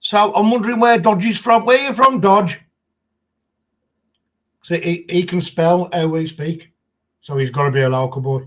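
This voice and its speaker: High-voiced chatty Black Country man. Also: moderate pace, pauses often. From Birmingham, England. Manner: chatty, tells anecdotes with quoted voices. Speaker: co-host of a history live stream. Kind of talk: casual live-stream chat.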